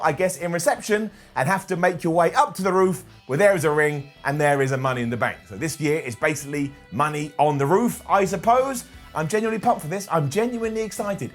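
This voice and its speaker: A man giving a casual, joking wrestling review with sarcastic asides. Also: high voice. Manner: jokey, sarcastic asides, quick voices for quotes.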